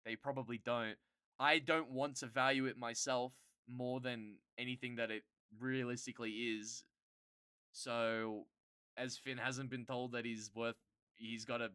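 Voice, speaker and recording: A streamer chatting casually with viewers, rambling and swearing, quickly getting worked up and loud. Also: mid-range voice, smooth, dry recording, studio quality. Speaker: streamer answering chat.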